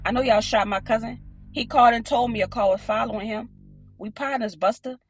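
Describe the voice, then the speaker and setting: A woman's voice: fairly high pitch, fairly even intonation, a little fast, faint music behind, voice pushed up, close to an everyday voice. Woman doing a cocky young street guy. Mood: taunting. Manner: cocky, taunting street talk. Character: hot-headed young street man.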